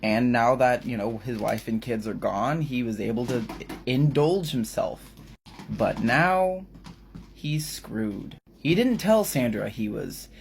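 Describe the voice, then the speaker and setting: A man's voice: mid-range voice, expressive, takes it slowly, creaky, a little hiss or hum. Chatty casual storyteller man. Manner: chatty, filler-heavy, shifting volume. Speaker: book reader and recapper. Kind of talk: casual book recap narration. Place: apartment.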